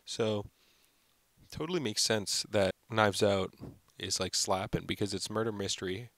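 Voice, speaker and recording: A man's voice: lowish voice, steady tone, a little slow, a bit bright, dry recording. A young man hosting his own film channel, giving an unscripted, rambling review full of "like" and fillers. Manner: rambling, heavy use of "like" and fillers.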